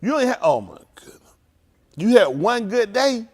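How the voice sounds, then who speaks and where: In a congregation hall, a male pastor delivers an informal sermon with youth check-ins, teasing the young crowd playfully and calling out names. His high, animated voice is slightly rough and leaps up in mock singing, and he talks at normal speed using Southern Black vernacular phrasing.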